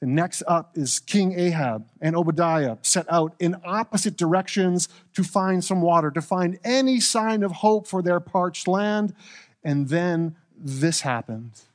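A male pastor preaching a relaxed sermon with playful, joking asides. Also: high voice, measured pace.

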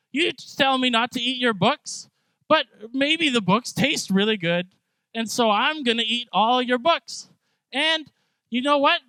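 A man's voice: very high voice, pushed and bright, clean tone, no echo, pitched above the performer's own voice, exaggerated voice, low-quality recording. A man voicing a defiant teenage male puppy, cheeky and scheming as he plots to chew everything. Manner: bratty, scheming.

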